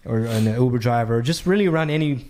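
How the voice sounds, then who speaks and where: A man's voice: medium pitch, expressive, a little mellow, a little hiss or hum. Joking, foul-mouthed podcast host man. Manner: joking, swears freely, quick asides. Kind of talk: casual podcast chat.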